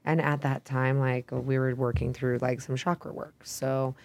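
A woman's voice: a bass voice, level tone, moderate pace, vocal fry, a little mellow. A young woman from Idaho, a podcast guest talking in a casual, rambling way, full of "like" and "um," swearing freely. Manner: rambling, frequent "like" and "um", candid with swearing. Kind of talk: casual chat.

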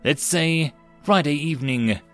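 A man's voice: a little high, measured pace, fairly bright tone, soft background music. A man doing a wry, exasperated human woman.

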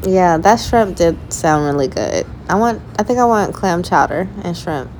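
A woman's voice: fairly low pitch, animated, normal speed, a little mellow, a little hiss or hum. A woman co-hosting a casual travel podcast with her partner, chatty and laughing easily. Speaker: podcast co-host.

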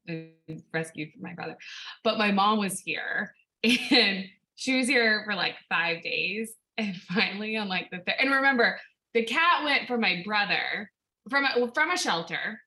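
A young woman from California, chatting casually and telling an animated story, swearing and laughing often. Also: mid-range voice, poor audio. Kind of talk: casual chat.

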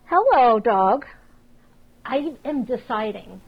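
A woman co-hosting a podcast, chatting casually and telling rapid, animated stories full of swearing. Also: on the high side, dull audio, a little hiss or hum. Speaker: podcast co-host. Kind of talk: casual chat.

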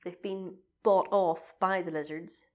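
A woman's voice: fairly low pitch, fairly even intonation, unhurried, a little mellow. A woman in her thirties with a British accent, chatting casually as a co-host and recounting a film in a rambling, jokey way. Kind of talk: casual chat.

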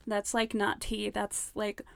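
A woman's voice: medium pitch, monotone, slow, vocal fry, a bit bright, clean tone, no echo. A woman mocking a smug, curt romance hero.

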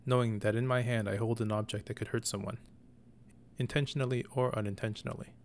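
A man's voice: mid-range voice, fairly even intonation, quick pace, slight background noise, lightly acted. A man voicing an anxious, sulky young brother of a knight who whines and hesitates. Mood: fearful. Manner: whiny, hesitant, fearful.

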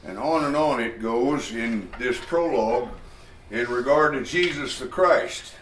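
A man preaching an expository Bible lesson, slow and deliberate, with frequent pauses and fillers. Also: mid-range voice, fairly bright tone, slight background noise. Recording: echoey room picked up from a distance.

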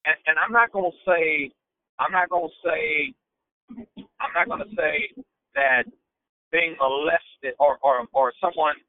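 A man, a pastor hosting a phone-in prayer call, talking in a preacherly way that keeps repeating and restarting phrases. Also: a little high. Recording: phone-line audio.

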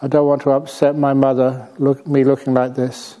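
A man's voice: medium pitch, level tone, dark tone, muffled recording, close to an everyday voice. A man voicing a pleading young woman's ghost. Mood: urgent. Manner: retold in a slow storytelling voice.

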